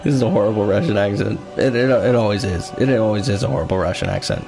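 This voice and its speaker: A man's voice: on the low side, very animated, fast, gravelly. A man streaming a game live, chatting casually and giggly, often breaking into laughter. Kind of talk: casual live-stream chat while gaming. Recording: faint game music underneath.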